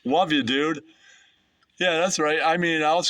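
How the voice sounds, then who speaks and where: A man's voice: a little high, fairly even intonation, measured pace, bright, forceful tone, dry recording, recorded from a distance. A man, a YouTube host, throwing crude roast insults in a casual rant and laughing at his own jokes.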